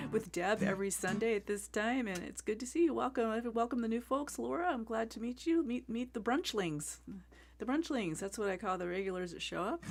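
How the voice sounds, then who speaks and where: A middle-aged woman hosting a casual livestream between songs, chatty and rambling, greeting viewers by name and laughing often. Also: mid-range voice. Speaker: singer-songwriter host.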